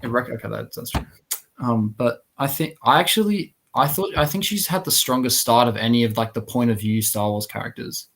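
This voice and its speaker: A man co-hosting a casual podcast, talking in a loose, rambling way. He trips over his words and circles back, filling gaps as he goes. His pitch sits in an ordinary middle range. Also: fairly quick, a bit bright, slight background noise. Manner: rambling, many restarts and "like". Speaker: podcast co-host. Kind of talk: casual chat.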